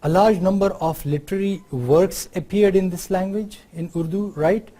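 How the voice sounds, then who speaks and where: Pakistani male lecturer, fairly high and warm-toned voice, explanatory delivery that keeps checking in with students. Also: fairly even intonation, moderate pace. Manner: explanatory, often adds tag questions to check understanding. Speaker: university lecturer. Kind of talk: university lecture.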